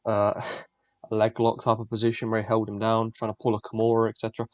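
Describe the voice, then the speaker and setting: Blunt, profane man, low voice. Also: fast talker, dry recording. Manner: blunt, profane, rambling, excitable. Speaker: MMA fight predictions host. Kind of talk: casual solo commentary. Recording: dull lo-fi dry recording.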